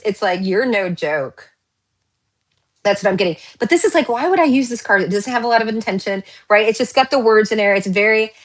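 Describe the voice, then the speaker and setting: Woman, host of a tarot channel, loose and excitable delivery that wanders off on tangents. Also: medium pitch. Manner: rambling, excitable, laughs often, tangents. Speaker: tarot card reader. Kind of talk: casual pick-a-card tarot reading.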